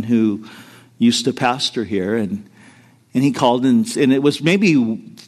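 A middle-aged man preaching a sermon, telling a personal story in an earnest way that moves between hushed and emphatic. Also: a little high. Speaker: pastor.

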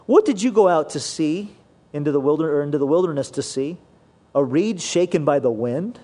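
A man with a fairly high voice delivers a sermon. He speaks earnestly and slows down, dropping quieter and lower whenever he quotes scripture. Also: lively intonation. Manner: earnest preaching, slows and drops low when quoting scripture. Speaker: pastor.

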